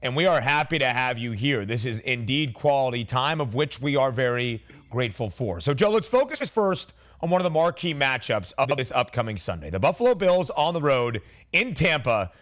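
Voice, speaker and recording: Lively-voiced male radio host. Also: mid-range voice. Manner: brisk, teasing. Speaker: sports betting radio host. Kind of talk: upbeat radio show hosting.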